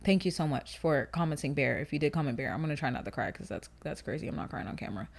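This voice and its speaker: A woman's voice: sits low, animated, quick pace, vocal fry. A woman of twenty-one talking casually to camera as a YouTuber, chatty and slangy, rambling off on asides.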